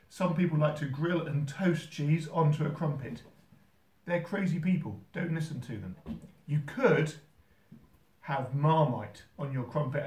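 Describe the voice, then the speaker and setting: A man hosting a how-to video from a holiday home kitchen, talking in a dry, mock-serious, gently teasing way. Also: a little high, echoey room, distant mic. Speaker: host. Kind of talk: deadpan comic how-to video.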